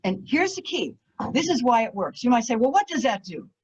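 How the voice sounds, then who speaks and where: A woman giving an enthusiastic storytelling talk as a guest speaker, animated, laughing often, with many fillers. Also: on the high side, brisk, husky. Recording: muffled lo-fi audio.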